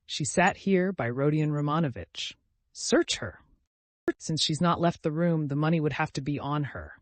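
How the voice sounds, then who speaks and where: A man voicing a desperate, consumptive mother who pleads and accuses in shrill, hoarse outbursts. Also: moderate pace, no room sound, close to an everyday voice. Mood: furious.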